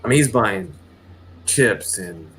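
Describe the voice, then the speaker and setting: A man's voice: lowish voice, expressive, takes it slowly, fairly bright tone, a little hiss or hum. A man casually telling a long, rambling story, with many restarts and acted quotes. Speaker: channel host.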